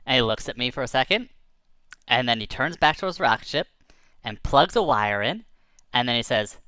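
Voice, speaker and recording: Animated man telling a kids' tall tale. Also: mid-range voice, brisk, smooth, no room sound. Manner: chatty, animated, with playful sound effects. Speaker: storyteller. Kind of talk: casual improvised children's story narration.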